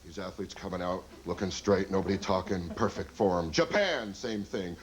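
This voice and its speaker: A man performing a wry, deadpan stand-up routine on a TV show in front of a live studio audience. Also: sits low, moderate pace, hardly any pauses, over a noisy crowd, poor audio. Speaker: stand-up comedian. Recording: old TV tape, audience noise.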